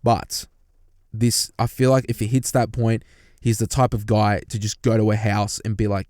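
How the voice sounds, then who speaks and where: A man's voice: fairly low pitch, normal speed, dry recording, clean studio sound. A young man ranting heatedly in his car, swearing often and talking straight to his listeners. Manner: heated, swearing, animated, talks to listeners directly. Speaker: commentator reacting to a story. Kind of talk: profane reaction rant. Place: inside a parked car.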